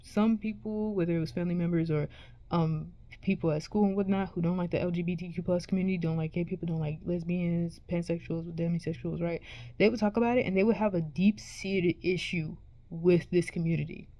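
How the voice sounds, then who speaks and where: A woman's voice: fairly low pitch, fairly even intonation, a little fast, dark tone, no room sound. A woman vlogger ranting to her viewers in a casual, profane, exasperated way, rambling and restarting her sentences. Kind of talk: casual rant to camera.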